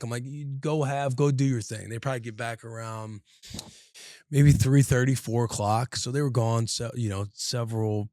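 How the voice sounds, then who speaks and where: Podcast co-host, male, 30s, mid-pitched, energetic slangy storyteller, dry close sound. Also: clean tone, no room sound. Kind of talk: casual chat.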